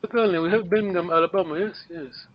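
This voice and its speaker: Through a muffled, lo-fi video call with a little hiss or hum, a man whose pitch is slightly raised runs an online language class at a quick pace. He often pauses to repeat words and make sure students keep up.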